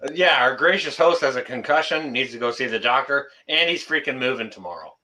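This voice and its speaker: A man's voice: mid-range voice, lively intonation, brisk, pushed and bright, rough recording. A man in casual livestream chat, teasing and assertive with the others. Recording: faint background noise.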